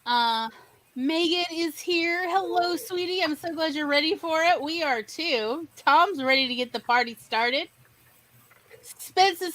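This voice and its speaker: A woman hosting a casual live-stream chat, bubbly and exclamatory and quick to laugh. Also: sits high, a bit bright, no room sound. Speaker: podcast host.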